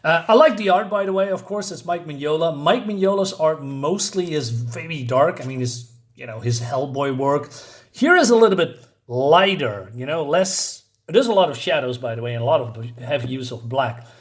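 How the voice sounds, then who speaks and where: A man's voice: fairly high pitch, animated, moderate pace. A man casually reviewing a comic book, hesitant with many fillers and frequent chuckles.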